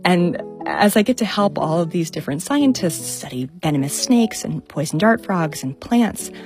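Woman scientist, young adult, low voice, enthusiastic storyteller, soft music under. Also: lively intonation, moderate pace. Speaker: scientist telling her story. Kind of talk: storytelling talk.

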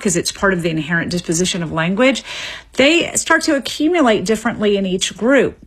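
A woman, a linguist being interviewed on radio, explaining in a measured way with small restarts. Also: mid-range voice, a bit bright, husky. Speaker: linguist guest.

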